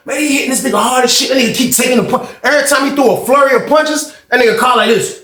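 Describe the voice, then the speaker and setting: A man telling a story in a casual, profane, animated way, acting out what others said. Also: very high voice, rapid-fire, hardly any pauses, reverberant. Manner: animated, profane, acts out quoted speech.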